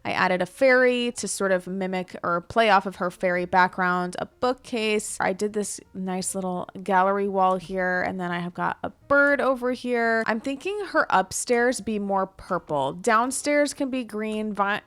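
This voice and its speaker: A woman's voice: medium pitch, unhurried, few pauses, a bit bright, clear, resonant tone, no echo. A young woman giving casual commentary while she builds a house in a life-sim game, thinking aloud in a chatty, playful way. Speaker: Sims building creator.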